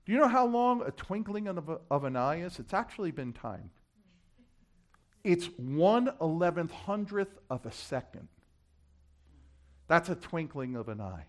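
A man preaching a sermon, dropping to hushed asides and swelling to loud, emphatic climaxes, repeating key phrases and stumbling over words as he builds. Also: a little high, big pitch swings, normal speed. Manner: stammers and restarts when building to a point.

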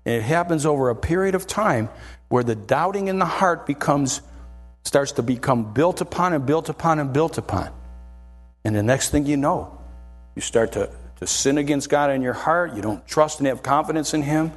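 Male preacher, husky and animated, sermon delivery, faint music bed. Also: fairly high pitch, normal speed. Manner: animated, keeps asking "right?".

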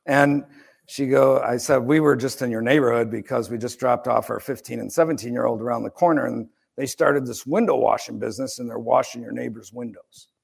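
A man's voice: mid-range voice, fairly quick, creaky, husky. A middle-aged man, a pastor from the United States, preaching a sermon in a conversational, wry storytelling way with asides.

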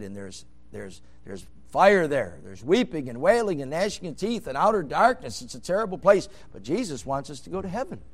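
Preacher guy, fiery sermon, goes quiet then hollers, voice sits a bit high. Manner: fervent, swings from quiet storytelling to loud hollering.

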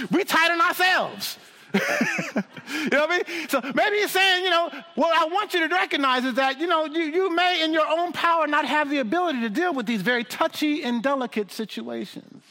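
A man preaching a sermon in an animated, humorous way, with frequent restarts and asides. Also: very high-pitched, moderate pace, big-room sound.

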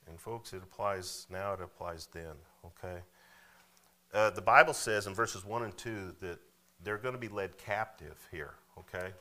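At normal speed and in a low voice, a pastor delivers a folksy sermon, moving between forceful loud moments and hushed asides and frequently checking in with "Amen?" and "okay?"

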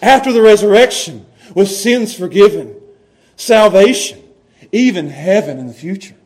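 A man preaching a sermon as pastor, animated, swinging from loud to hushed and laughing often. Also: sits high, moderate pace.

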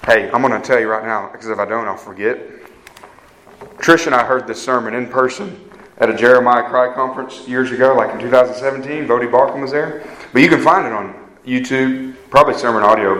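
A man's voice: mid-range voice, brisk, a bit bright. A man preaching a sermon in a conversational way, often repeating words and acting out quoted speakers. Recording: echoey room.

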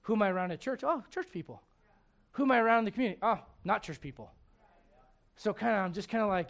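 Male pastor, sermon, high voice, emphatic storytelling, questions to the crowd. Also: expressive, quick pace, gravelly, a bit bright. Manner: emphatic storytelling, direct questions to the congregation, frequent restarts.

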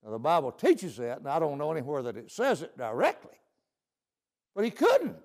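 A man's voice: a little high, huge pitch swings, moderate pace, a little mellow. A male preacher delivering a folksy sermon, often asking "See?".

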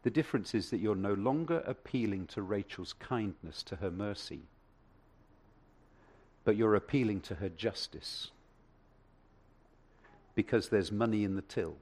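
A man's voice: lowish voice, measured pace, long pauses, darkish tone. A male pastor preaching a sermon, telling a story with acted asides and the odd stammer.

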